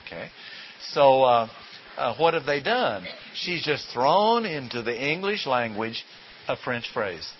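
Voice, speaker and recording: A man teaching a Bible class in a folksy way, quizzing his listeners with rhetorical questions. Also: medium pitch. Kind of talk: classroom lecture. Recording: dull lo-fi recording with faint hiss.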